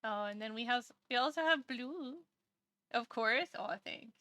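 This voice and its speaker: Woman VTuber, bright tone, unhurried sleepy rambling chat to viewers. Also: a little high, no room sound. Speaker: VTuber streamer. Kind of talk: casual live-stream chat.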